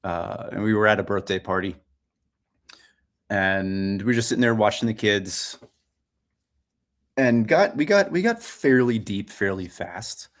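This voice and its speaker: A man co-hosting a podcast, telling a story in relaxed casual chat with frequent ums. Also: lowish voice, measured pace, pauses often. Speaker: podcast co-host.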